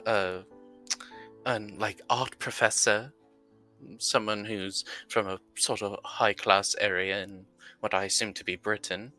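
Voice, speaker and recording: A man with a fairly low voice and a sharp, bright edge to it. He narrates his character's moves in a tabletop role-play, pausing often on "uh" as he thinks. There is faint music behind him. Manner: narrates his character's actions with filler pauses. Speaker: tabletop game player.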